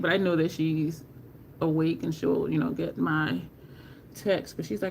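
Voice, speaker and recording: A woman hosting a makeup livestream from home, talking slowly and rambling while she greets viewers from the chat. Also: on the low side, fairly even intonation, gravelly, a little hiss or hum.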